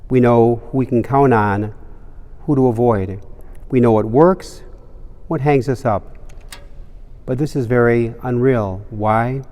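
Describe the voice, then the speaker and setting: Priest preaching in a reverberant cathedral. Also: male voice, medium pitch, takes it slowly, long pauses, dark tone. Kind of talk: homily with a joke.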